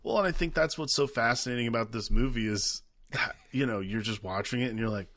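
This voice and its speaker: A man's voice: mid-range voice, fairly quick, a bit bright. A man in his thirties co-hosting a podcast, talking casually, agreeably, and swearing freely. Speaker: podcast co-host.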